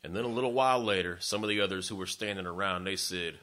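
Male preacher, low voice, sermon storytelling, folksy and conversational, forceful, sarcastic asides. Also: fast talker, few pauses.

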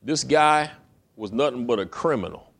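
A man's voice: medium pitch, expressive, normal speed. A male pastor preaching a sermon in a folksy, conversational way, often repeating words as he builds his point.

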